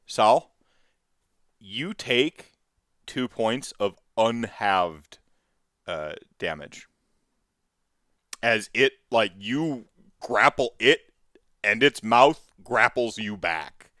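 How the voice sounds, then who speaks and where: A man narrating as game master for a tabletop game, halting with many fillers. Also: lowish voice, animated, pushed and bright, no echo, studio quality. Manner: halting, full of fillers and restarts.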